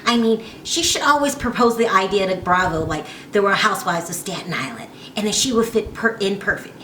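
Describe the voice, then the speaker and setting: A woman's voice: medium pitch, a little fast. A woman vlogger giving casual gossip commentary to camera in a chatty, opinionated way. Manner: chatty, opinionated, animated asides. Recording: echoey room with faint ambient noise.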